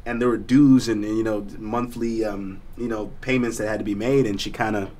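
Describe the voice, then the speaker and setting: A man's voice: lowish voice, steady tone, a little fast, a little mellow. A man from South Africa, a guest actor telling stories in a casual studio chat, laid-back and slangy with many fillers and restarts.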